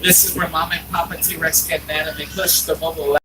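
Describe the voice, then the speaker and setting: A man leading a theme park tram tour, joking and getting excited as he narrates. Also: fairly high pitch, brisk, distant mic, background noise. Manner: playful, jokey, excitable.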